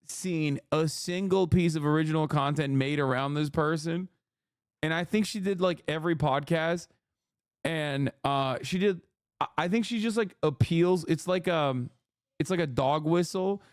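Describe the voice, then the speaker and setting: A man with a slightly high, clean voice gives casual livestream commentary, ranting in disbelief with lots of swearing and frequent laughs. The audio is studio quality with no echo.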